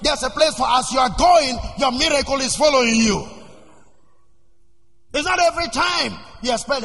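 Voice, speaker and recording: A man preaching a sermon as pastor, emphatic and repetitive, rising into shouts. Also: high-pitched, slight background noise. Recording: long church reverb.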